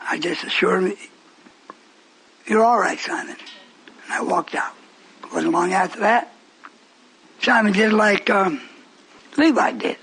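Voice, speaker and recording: A man preaching a fiery sermon, speaking emphatically and breaking into shouts. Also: high voice, unhurried, pauses often, breathy edge, rough recording.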